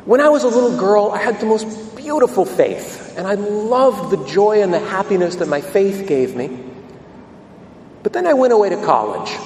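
A man's voice: high-pitched, a little hiss or hum. A man voicing a wealthy woman of little faith who pleads to get her faith back. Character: wealthy doubting middle-aged woman, pleading. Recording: echoey hall from a distance.

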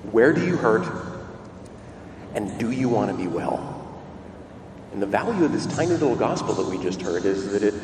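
A man, a priest, giving a sermon, with big swings in pitch and loudness and slow, stressed phrases. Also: slight background noise. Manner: dramatic swings in pitch and volume, slows for emphasis. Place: large church. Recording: echoey church from far off.

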